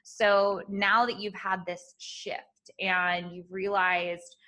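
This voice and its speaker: A woman's voice: mid-range voice, flat delivery, slow pace, bright, forceful tone. A woman hosting a podcast interview, talking in a reflective, rambling way full of "you know" fillers. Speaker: podcast host. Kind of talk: conversational interview.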